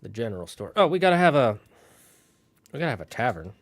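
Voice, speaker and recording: A man thinking aloud on a casual solo stream, building out a fantasy town with halting, restarting speech. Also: mid-range voice, very animated, no room sound.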